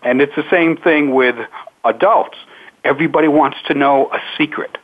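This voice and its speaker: A man who coaches public speaking, answering interview questions in a measured, unhurried way with frequent pauses. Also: a little high, fairly even intonation. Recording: narrow phone-line sound.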